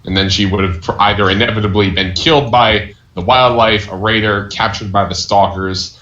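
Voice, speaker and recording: A man's voice: fairly low pitch, steady tone, moderate pace, bright, forceful tone. A man player in casual tabletop game chat, describing his character's actions. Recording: dull, roomy amateur recording with noise.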